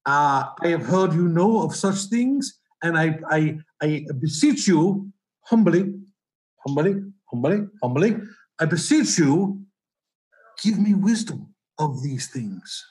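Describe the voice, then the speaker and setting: A man's voice: on the high side, animated, rapid-fire, hardly any pauses, fairly bright tone. A man voicing a bumbling seminar attendee with a put-on foreign accent, grandiose and pleading. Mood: beseeching. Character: bumbling man claiming to be from far away. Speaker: comedy podcast regular. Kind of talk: improvised comedy sketch.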